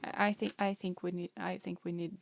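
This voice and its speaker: A woman's voice: fairly low pitch, level tone, brisk, creaky. A young woman streaming a game, chatting casually and playfully, often laughing and scolding her pet cats. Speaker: vtuber streamer.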